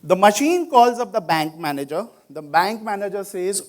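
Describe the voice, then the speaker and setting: A man with an Indian English accent speaks at a conference in a noticeably high voice. He talks loosely and conversationally, dropping in "you know" and "like" as he walks through example stories. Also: lively intonation, normal speed, few pauses, a little mellow. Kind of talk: conference talk. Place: conference venue.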